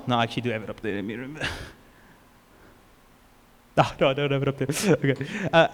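A man's voice: on the high side, animated, fast. A man with a South African accent preaching a casual, joking sermon as pastor, often acting out what people say. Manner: informal, joking, acts out quotes. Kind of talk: conversational sermon. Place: church hall. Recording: long church reverb.

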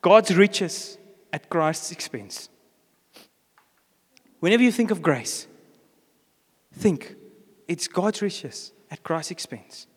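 A man's voice: high voice, animated, takes it slowly, long pauses, breathy edge. A man with a South African accent, preaching a sermon as pastor and telling a story with acted-out lines. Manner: storytelling, acts out characters' lines. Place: church. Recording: reverberant church hall.

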